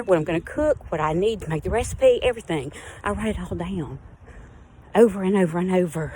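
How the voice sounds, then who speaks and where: Woman vlogging outdoors, a bit breathless, low-pitched, candid and rambling. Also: a little mellow, slight background noise. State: a little out of breath. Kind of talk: casual personal vlog.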